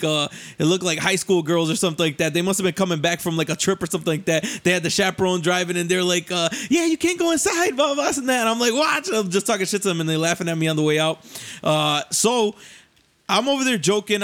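Young man, high voice, casual storytelling, laughs a lot, slangy and profane. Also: quick pace. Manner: animated, laughing, acts out voices with rising pitch.

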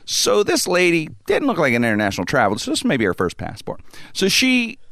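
Animated high-energy man telling a funny story. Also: fairly quick, no room sound, clean studio sound. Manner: animated, laughing, expressive. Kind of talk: comedic storytelling chat.

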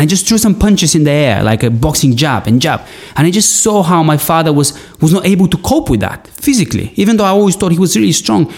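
A man's voice: fairly high pitch, a little mellow. A man sharing an emotional personal story in an earnest, searching way, with many restarts. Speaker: guest.

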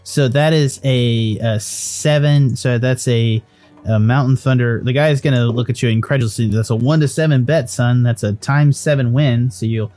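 A man's voice: mid-range voice, steady tone, moderate pace, darkish tone, soft background music. A man narrating as game master of a tabletop game, talking loosely with restarts and swearing.

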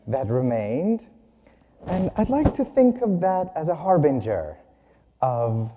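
Male speaker, unhurried humorous storyteller, lively pitch, reverberant hall. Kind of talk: spiritual talk with storytelling.

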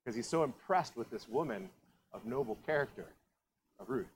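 Brief: easygoing man preaching, talks as if to friends, mid-pitched, faint hiss behind. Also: expressive, moderate pace, low-quality recording. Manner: conversational storytelling, lots of asides. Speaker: pastor. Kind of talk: sermon. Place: church.

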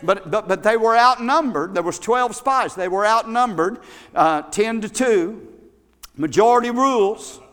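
Preacher, man, high and bright, dramatic storyteller, hall echo. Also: unhurried. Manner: dramatic storytelling, swings from hushed to shouting. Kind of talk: sermon. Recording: echoey hall.

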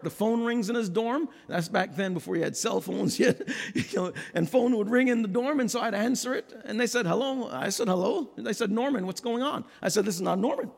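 A middle-aged man preaching a sermon, swinging from low, quiet stretches to loud, ringing calls. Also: creaky. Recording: long hall reverb.

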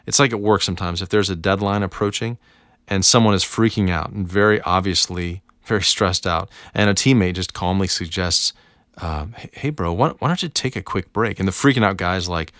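A man co-hosting a devotional podcast, talking in a calm, reflective, unhurried way. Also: low voice, dry recording, studio quality. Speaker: podcast co-host.

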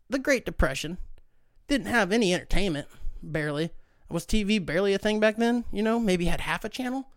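A man's voice: fairly high pitch, a little fast, no room sound, studio quality. A young man hosting a solo podcast, ranting in a profane, sarcastic way. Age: young adult. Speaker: podcast host.

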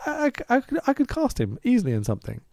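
A man hosting a casual podcast, recapping a film in an animated, sweary rant full of laughs. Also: very high-pitched, rapid-fire, creaky, dry recording, studio quality. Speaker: podcast host.

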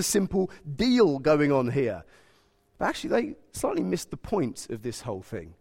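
A preacher in his thirties delivers a sermon with lively, swooping intonation. He tells personal stories with self-mocking humor, his voice sitting a little above average pitch. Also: moderate pace. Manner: animated, humorous storytelling.

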